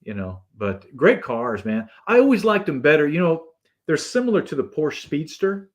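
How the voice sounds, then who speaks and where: A man, a guest on a talk show, telling a story in a relaxed, animated way and acting out the people in it. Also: fairly high pitch, normal speed. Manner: animated storyteller who acts out the people in his stories. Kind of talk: casual anecdote telling.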